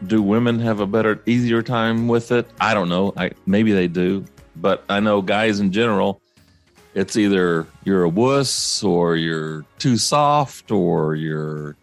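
A man's voice: on the low side, a little slow, soft background music. A man hosting a podcast in casual chat, thoughtful and asking probing questions. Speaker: podcast host.

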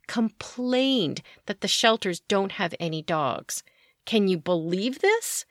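A woman's voice: medium pitch, fairly bright tone, no room sound, clean studio sound. A woman hosting her own podcast, delivering opinionated commentary with indignant, sarcastic asides and emphatic outbursts. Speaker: podcast host.

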